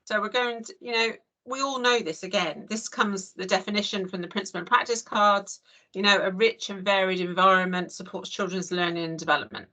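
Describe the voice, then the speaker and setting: A woman's voice: mid-range voice, a little fast, pushed and bright. An English woman leading an online training session over a video call, chatty and full of "you know". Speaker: early years trainer.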